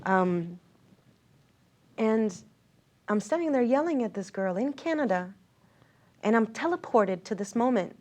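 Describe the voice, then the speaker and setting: A woman's voice: fairly high pitch, expressive, a little slow, long pauses, darkish tone. A woman from Israel, an interview guest, telling a personal story earnestly and reflectively, with many fillers and restarts.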